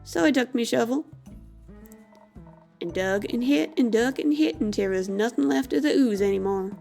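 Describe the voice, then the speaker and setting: A woman's voice: fairly high pitch, animated, moderate pace, creaky, darkish tone, faint music behind. A woman voicing a blunt, impatient female dwarf warrior who uses folksy dialect, reading a game aloud. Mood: gruff.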